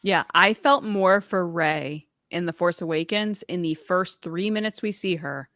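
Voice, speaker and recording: A woman's voice: fairly low pitch, unhurried, fairly bright tone, dry recording, studio quality. A woman co-hosting a podcast, talking casually and bluntly, with sarcastic jokes and laughter. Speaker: podcast co-host. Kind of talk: casual review chat.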